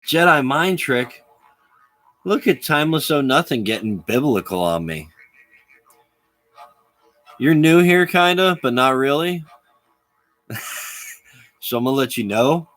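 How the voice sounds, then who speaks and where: A man's voice: medium pitch, animated, a little slow, pauses often, a bit bright, no echo, soft background music. A man chatting with viewers on a live stream, rambling and laughing often. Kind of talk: casual live-stream chat.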